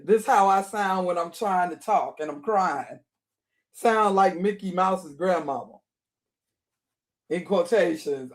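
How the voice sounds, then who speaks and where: A woman hosting a live stream, chatting casually with viewers in a talkative manner with laughing asides. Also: fairly low pitch. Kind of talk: casual reaction chat.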